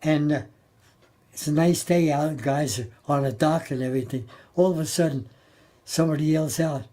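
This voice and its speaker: An older man recalling his time as a Navy sailor in a halting, plain-spoken way, often repeating and restarting his words. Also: a little high, mellow. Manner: plain-spoken, colloquial grammar. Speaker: Navy veteran interviewee. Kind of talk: oral history storytelling.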